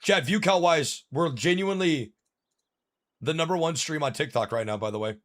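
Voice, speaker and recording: A man's voice: on the high side, normal speed, fairly bright tone, dry recording, studio quality. A young man streaming a game live, ranting with frustration and plenty of swearing as he talks to chat.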